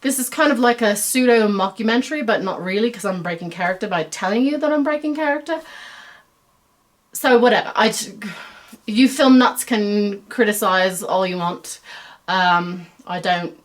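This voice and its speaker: A middle-aged American woman talks in a put-on Australian accent, with a voice of ordinary middle pitch. She rambles chattily in a stream-of-consciousness monologue, full of fillers and self-deprecating asides, as the host of her own web series. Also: normal speed. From United States.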